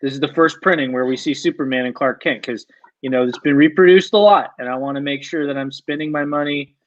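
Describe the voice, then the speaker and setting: A man's voice: mid-range voice, fast, no echo. A man improvising a scene, talking in restarts and repeats. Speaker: improv performer. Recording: dull lo-fi dry sound.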